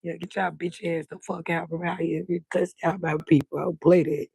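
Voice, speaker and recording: Gravelly, husky woman chatting late at night. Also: on the low side, fairly quick, no echo. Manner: loud, animated, cusses freely. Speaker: livestream host. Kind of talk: late-night livestream chat. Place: balcony outdoors at night.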